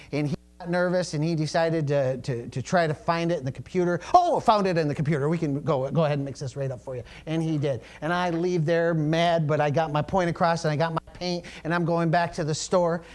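A man's voice: fairly high pitch, darkish tone. A middle-aged male pastor preaching a sermon in a conversational, storytelling way, with asides to the congregation.

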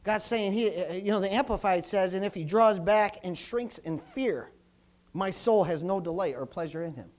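A middle-aged man, preaching a sermon with call-and-response, repeated hallelujahs, and swings from loud exclamations to soft asides. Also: sits high, normal speed.

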